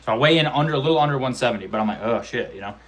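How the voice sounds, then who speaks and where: Young male vlogger, slangy and animated, mid-pitched voice, casual storytelling. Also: rapid-fire. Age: 20s. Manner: animated, slangy, profane storytelling with acted-out quotes and sound effects. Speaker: amateur MMA fighter vlogger.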